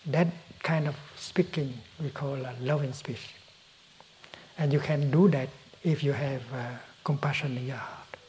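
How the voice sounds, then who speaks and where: Gentle breathy old monk, Vietnamese accent. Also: male voice, mid-range voice, steady tone, a little hiss or hum, rough recording. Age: 80s. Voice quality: breathy, often slipping to a whisper. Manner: gentle, soft-spoken, unhurried with frequent pauses. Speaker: Buddhist monk teacher. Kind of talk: dharma talk answering a question.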